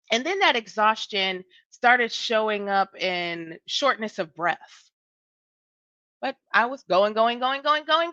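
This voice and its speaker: A woman in her thirties, a business coach hosting her show, telling a personal story in a lively, laughing way with lots of repetition. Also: a little high, no room sound, highs cut off. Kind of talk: casual solo talk to camera.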